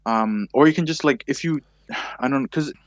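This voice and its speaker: A man's voice: mid-range voice, moderate pace, no room sound. A young man from Tonga, a guest on a podcast, talking casually and hesitantly with frequent fillers. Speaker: podcast guest, filmmaker and photographer. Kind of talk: casual chat.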